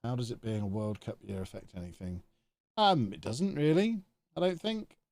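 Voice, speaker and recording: Guy rambling over his game stream, mid pitch, dry close sound. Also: animated, moderate pace, darkish tone, no echo. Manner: chatty, thinking aloud to himself. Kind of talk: live video game commentary.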